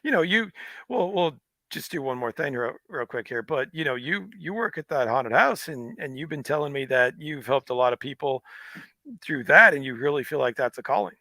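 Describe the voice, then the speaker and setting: A man's voice: medium pitch, lively intonation, normal speed, sharp tone, no echo. A man co-hosting a casual faith podcast, speaking in an encouraging, preachy way and often affirming his partner. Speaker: podcast co-host.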